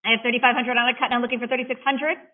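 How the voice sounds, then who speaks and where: An auctioneer calling bids at a live auction in a rapid-fire chant, mixing in playful patter between the numbers. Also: medium pitch, flat delivery. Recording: tinny phone-like audio.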